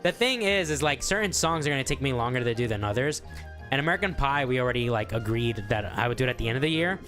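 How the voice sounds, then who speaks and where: A man's voice: medium pitch, animated, fast talker, a bit bright, soft background music. A man streaming a game and teasing his friends in casual banter, joking and laughing often.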